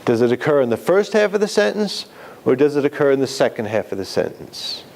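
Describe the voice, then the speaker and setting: A man's voice: medium pitch, very animated, a little fast, vocal fry, a little mellow. A man giving a live classroom lecture on writing, explaining step by step with examples.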